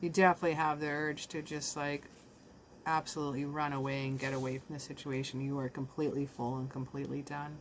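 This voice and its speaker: A woman's voice: a bass voice, flat delivery, fast, slight background noise. A woman giving a casual, heartfelt tarot reading that speaks straight to the viewer. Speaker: tarot reader.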